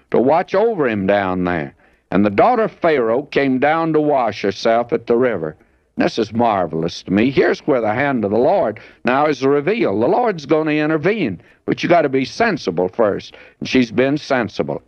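A man's voice: medium pitch, dry recording. Folksy older man teaching the Bible. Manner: folksy, conversational preaching with dry asides. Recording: dry, dull lo-fi broadcast sound.

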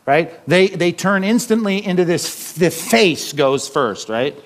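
Speaking in a notably high pitch, a male pastor preaches expressively and casually. He often tosses quick rhetorical questions to the congregation to check in, chuckling lightly now and then.

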